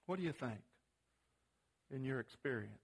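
A man's voice: mid-range voice, gravelly, breathy edge. A middle-aged man teaching a parenting class, plain-spoken and folksy, telling a family story with casual grammar and frequent restarts. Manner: halting restarts when animated. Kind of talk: folksy teaching talk with audience questions.

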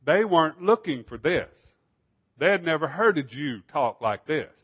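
Animated preacher, a man on a dull recording. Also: a little high, measured pace, slightly rough. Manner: animated, emphatic, rhetorical questions. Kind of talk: sermon.

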